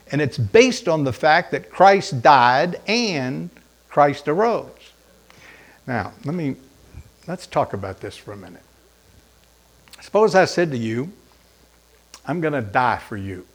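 A man preaching an Easter sermon, emphatic and direct, asking rhetorical questions and pausing for effect. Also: medium pitch. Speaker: pastor.

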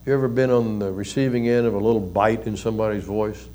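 An older man, a pastor and counselor, giving a conversational sermon with folksy stories and soft chuckles. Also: fairly low pitch, steady tone, quick pace, a little hiss or hum.

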